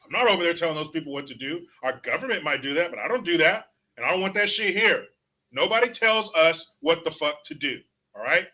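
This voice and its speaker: A man's voice: on the high side, bright, forceful tone. A man hosting a political livestream, ranting bluntly and sarcastically with lots of profanity while reading out chat comments. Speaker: political commentary show host.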